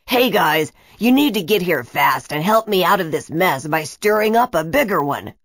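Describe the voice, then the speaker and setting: A selfish, sneering coach, as a woman puts him on sounds lower and gruffer than her narration. He speaks with open scorn for the other team. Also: expressive, moderate pace, dry recording. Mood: urgent.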